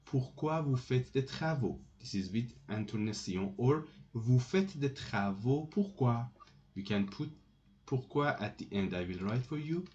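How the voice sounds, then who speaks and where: Slow, mellow-voiced man teaching French. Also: mid-range voice, animated. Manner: slow and repetitive, restarting phrases often. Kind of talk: slow explanatory lesson. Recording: dull lo-fi recording with keyboard typing.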